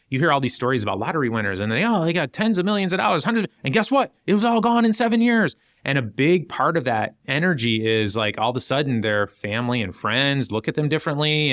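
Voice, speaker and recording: Man, middle-aged, lively casual podcast talk, average pitch, dry close mic. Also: dry recording. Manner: animated, jumps up in pitch acting out quoted voices. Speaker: guest author.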